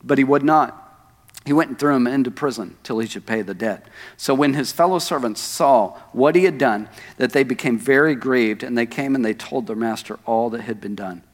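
This male pastor's voice is medium in pitch and moderately paced. Preaching in a church sanctuary, he talks conversationally and makes asides to the congregation, with the hall's echo audible around him.

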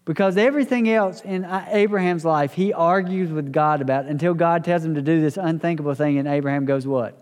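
Male pastor, slightly high voice, chatty Bible-study teaching, restarts a lot, long hall reverb. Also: a little fast, hardly any pauses. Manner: conversational, repeats and restarts phrases. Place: church hall.

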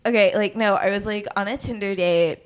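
A woman's voice: medium pitch, a little fast, clear, resonant tone, close to an everyday voice. A woman playing a brash, crude caller. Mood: brazen. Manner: crude, rambling with frequent "like". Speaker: prank caller. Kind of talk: improvised comedy call-in.

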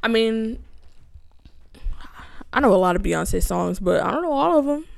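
A woman's voice: a little high, animated, a little slow, vocal fry. A young woman co-hosting a casual chat, laid-back and teasing, who laughs often. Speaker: podcast co-host.

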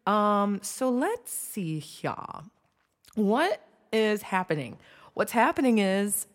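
A woman's voice: mid-range voice, big pitch swings, takes it slowly. A young woman hosting her own podcast, chatting casually and self-deprecatingly with lots of fillers and restarts. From United States. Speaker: podcast host. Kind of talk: casual solo podcast chat.

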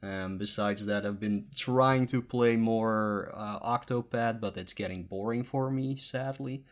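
A man's voice: fairly low pitch, measured pace. A sleepy man hosting a casual podcast, rambling with lots of ums and uhs. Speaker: podcast host.

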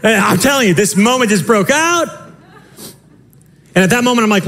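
A pastor in his thirties delivering a lively sermon, telling a family story and acting out quotes. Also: very high-pitched, fast talker. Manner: animated, storytelling with voiced quotes. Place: church sanctuary.

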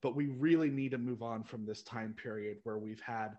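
A man's voice: medium pitch, normal speed, muffled recording. A young American man co-hosting a casual podcast chat, ranting in a blunt, opinionated way. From United States. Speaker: podcast co-host.

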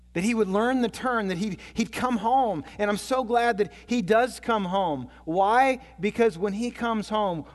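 Fairly high-voiced preacher in a reverberant hall. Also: male voice. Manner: storytelling, swings from loud excited to hushed and low. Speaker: pastor. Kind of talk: sermon.

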